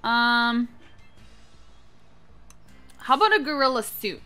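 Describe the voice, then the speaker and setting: A young woman hosting a gaming channel, giving excitable, playful let's-play commentary with frequent squeals and giggles. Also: mid-range voice, slow, long pauses, faint music behind.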